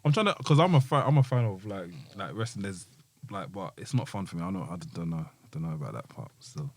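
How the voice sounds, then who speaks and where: A man co-hosting a casual wrestling podcast, excitable and quick to laugh. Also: sits low, no room sound. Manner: laughing, excitable, trails off mid-thought. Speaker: podcast co-host. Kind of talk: casual chat.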